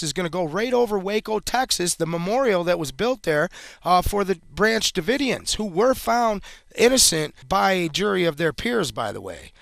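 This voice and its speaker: Gravelly-voiced male talk show host. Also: high voice, a bit bright, dry recording. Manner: conversational, hesitant fillers. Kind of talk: political commentary.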